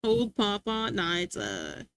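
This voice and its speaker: A woman's voice: mid-range voice, huge pitch swings, takes it slowly, fairly bright tone. A woman streaming live and chatting casually with her chat, playful and teasing, laughing often.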